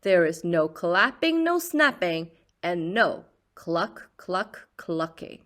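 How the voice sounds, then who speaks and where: A woman reading aloud the lines of an earnest, fussy male farmer in a slow, emphatic, slightly stern way. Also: fairly low pitch, very animated, a bit bright, pitched below the performer's own voice, heavily acted. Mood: firm.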